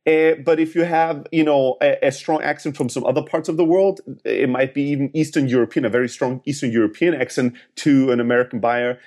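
A man's voice: medium pitch, a little fast, few pauses, a little mellow. A man giving sales advice as a podcast guest, explaining things step by step and checking in with little tag questions. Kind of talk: casual advice in a podcast interview.

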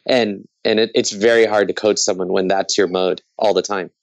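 A man's voice: lowish voice, fairly even intonation, normal speed, no echo. A man co-hosting a podcast, giving frank, laid-back advice in casual speech peppered with "dude" and swearing. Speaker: podcast co-host. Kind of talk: casual conversation.

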